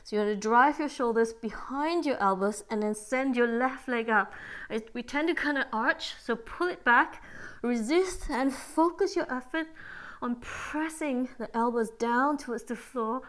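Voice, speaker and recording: A woman yoga teacher guiding a class through poses and breaths, calm and steady, a little out of breath. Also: fairly high pitch, measured pace. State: slightly out of breath. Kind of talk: guided yoga class instruction.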